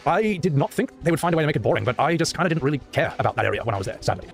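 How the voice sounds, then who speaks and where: A male streamer talks at a breakneck pace, opinionated and joking. His pitch swings all over and sits a bit high. Faint music plays behind him. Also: big pitch swings, rapid-fire. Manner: opinionated, joking, prone to rants. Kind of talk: casual gaming chat.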